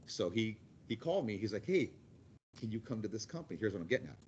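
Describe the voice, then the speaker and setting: Man, forties, fast blunt rambling storyteller, slightly low voice, dull lo-fi recording. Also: sing-song, darkish tone, a little hiss or hum. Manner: rambling, blunt, quick with repeated restarts. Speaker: guest speaker, construction manager. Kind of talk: casual storytelling to a class.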